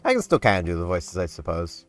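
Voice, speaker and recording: A man casually rambling while commenting on his gameplay, his voice hoarse and not yet warmed up. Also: deep voice, wildly swooping pitch, quick pace. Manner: rambling, chatty, self-deprecating. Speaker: gaming video host. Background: game music.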